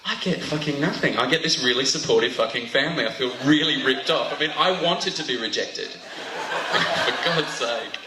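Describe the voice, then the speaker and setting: A man's voice: mid-range voice, expressive, fast, hardly any pauses. A man performing a stand-up routine on stage, chatty and self-mocking, tripping over his own words. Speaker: stand-up comedian. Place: comedy stage before a live audience. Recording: roomy live venue sound, faint noise.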